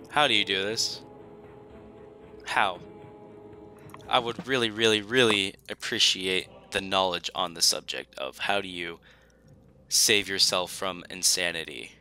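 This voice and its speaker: Slow, bright-voiced young gamer pleading. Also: male voice, sits low, faint music behind. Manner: dramatic, self-mocking pleading with the enemy. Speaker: gaming YouTuber. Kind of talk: gameplay commentary.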